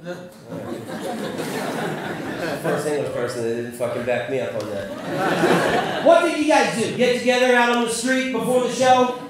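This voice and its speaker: A man's voice: high-pitched, normal speed, long pauses. A man doing a stand-up comedy set, chatting with and teasing the crowd, swearing freely. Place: live comedy venue. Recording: echoey room, far from mic, noisy.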